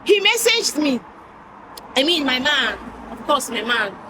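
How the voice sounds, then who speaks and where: High-voiced Nigerian woman ranting. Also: big pitch swings, measured pace. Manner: rambling, exasperated, slips into Pidgin. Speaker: vlogger. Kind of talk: candid vlog rant. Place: outdoors at a bus stop by a road. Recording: loud street traffic behind.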